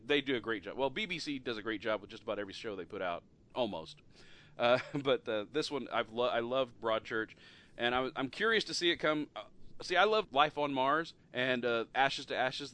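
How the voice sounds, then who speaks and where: A middle-aged man hosting a relaxed podcast conversation. His voice sits at an ordinary middle pitch, and he rambles in a friendly way, laughing often and letting his sentences fade out at the end. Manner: chatty, laughs often, trails off at the ends of sentences. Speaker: podcast host. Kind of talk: casual chat.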